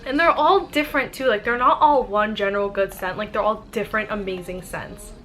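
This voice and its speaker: Here a young adult female YouTuber with a rather high, sharp-toned voice reviews products casually on her vlog. Girly and gushing, she fills her talk with "like" and "oh my god."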